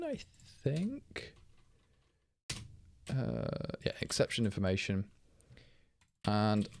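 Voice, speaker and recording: A slightly low-pitched man talks through live coding and rambles as he works. He is a little tipsy from drinking and keeps stopping to correct himself mid-sentence. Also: a little hiss or hum. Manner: rambling, thinking aloud, self-correcting. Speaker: programmer streaming live.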